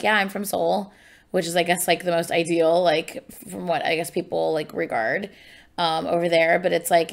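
A woman's voice: fairly low pitch, gravelly. A woman doing casual, enthusiastic reaction commentary on music for her channel. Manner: chatty and enthusiastic.

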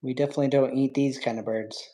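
A woman's voice: very deep voice, fairly even intonation, quick pace, warm tone. A woman hosting a casual livestream, chatting with viewers and cooing baby talk to her pet bird.

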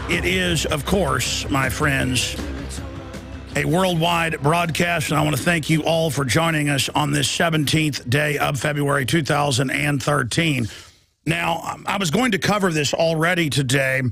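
A male radio talk show host giving an emphatic, mocking political monologue that rises toward shouting. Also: a little high, unhurried, creaky, soft background music.

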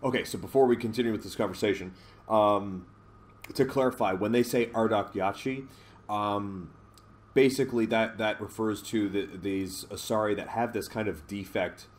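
A man's voice: lowish voice, moderate pace. A man giving casual gameplay commentary, rambling, swearing and laughing often, reading menu options aloud. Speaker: let's play host.

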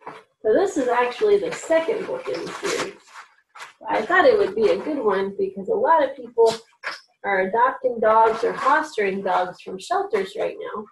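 A woman hosting a children's reading program, reading picture books aloud in a gentle, animated way and giving the characters voices. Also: mid-range voice, normal speed, gravelly, slight background noise. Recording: echoey room, a little far from mic.

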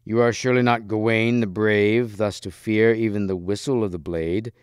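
A man's voice: steady tone, moderate pace, clean tone, no echo, studio quality, natural voice. A man reading aloud and voicing a huge, fierce green-faced knight with a mighty, commanding voice. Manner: booming, commanding.

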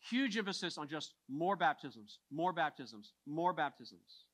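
A man preaching a sermon as pastor, moving from hushed lines to emphatic ones and repeating phrases for emphasis. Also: a little high, big pitch swings, a little slow.

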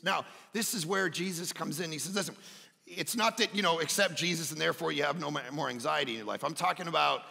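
A male pastor preaching a sermon, dropping to a quiet confiding tone and then rising to loud, passionate exhortation. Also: on the high side, gravelly, big-room sound. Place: church auditorium.

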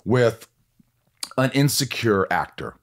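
Male podcast host, animated, acts out quotes, lively swinging pitch. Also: takes it slowly. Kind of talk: casual interview chat.

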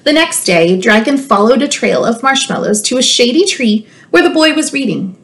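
A woman school librarian reading a children's storybook aloud, expressive and playful, with teasing asides to her listeners. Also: fairly high pitch, normal speed.

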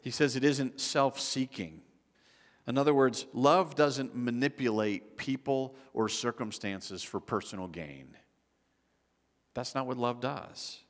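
A pastor preaches a sermon in a church sanctuary, speaking conversationally and restarting often. His voice is medium-pitched and slow, and the recording carries a long church-hall reverb.

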